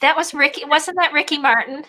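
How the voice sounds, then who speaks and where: Teasing woman host, laughs a lot, really high bright voice. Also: fairly even intonation, brisk. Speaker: channel host. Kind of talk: casual chat.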